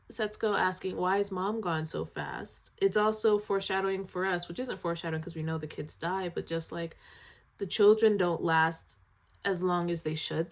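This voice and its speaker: A woman giving a casual video review of a film. She retells scenes in an animated, emotional way, sighing often. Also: medium pitch.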